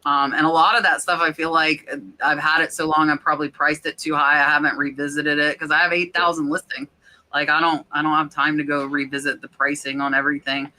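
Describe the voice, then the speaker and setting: Woman, podcast host, chatty, filler-heavy, very bright forceful voice. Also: sits low, level tone, brisk. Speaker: podcast host reading chat questions. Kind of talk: casual podcast chat.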